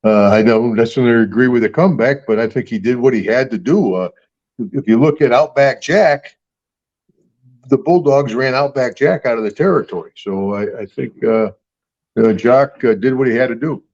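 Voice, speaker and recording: A man's voice: medium pitch, normal speed, a little mellow, highs cut off. An older man telling rambling, folksy stories with frequent chuckles in a casual interview. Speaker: guest and star of the show.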